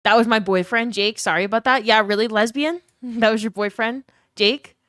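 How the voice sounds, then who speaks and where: A woman game streamer with vocal fry, chatting casually with her viewers during a live stream. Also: fairly high pitch, moderate pace, a bit bright, no room sound, studio quality. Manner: chatty, answers viewer chat.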